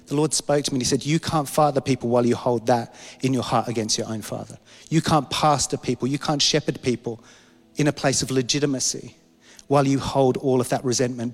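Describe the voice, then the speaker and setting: Man, pastor, emotional sermon testimony, slightly high pitch, long hall reverb. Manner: emotional storytelling, voice rising and dropping.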